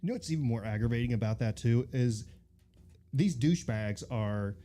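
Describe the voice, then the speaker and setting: Low-key male co-host, mellow voice. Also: lively intonation, normal speed. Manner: brief agreeing interjections. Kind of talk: casual chat.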